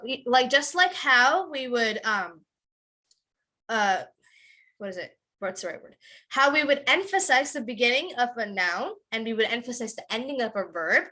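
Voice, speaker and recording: A woman teaching pronunciation to a class of kids, her voice bright and a touch high. She draws out each word slowly, repeats it again and again, then slips into quick explanations. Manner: slow, drawn-out demonstration of word stress, repeats words many times; switches into quick Tamil asides.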